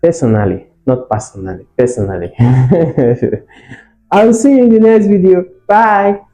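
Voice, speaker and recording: A man teaching an exam prep lesson, lively and asking the class rhetorical questions while repeating example phrases. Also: sits high, slow pace, faint music behind. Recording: echoey room.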